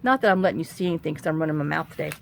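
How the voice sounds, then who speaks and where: A woman's voice: sits low, racing, vocal fry, a little hiss or hum. A woman vlogger chatting and telling a long story while she crafts, frank and rambling, recorded on a phone camera. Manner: rambling, frank, repeats herself.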